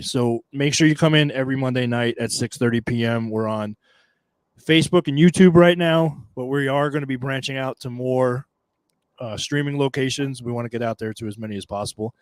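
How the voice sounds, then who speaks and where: A man co-hosting a casual podcast, talking excitably and swearing heavily. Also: medium pitch, dry recording. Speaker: podcast co-host. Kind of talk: casual chat.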